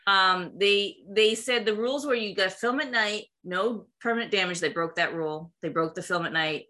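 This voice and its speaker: Bright, chatty woman discussing films. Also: medium pitch, normal speed. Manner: animated, chatty, laughs often. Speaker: podcast co-host. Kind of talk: casual film discussion.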